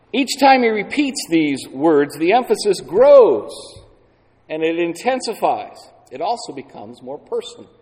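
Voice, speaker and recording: A man preaching a sermon slowly and deliberately, leaning on key words for dramatic emphasis. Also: fairly high pitch, darkish tone. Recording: long hall reverb.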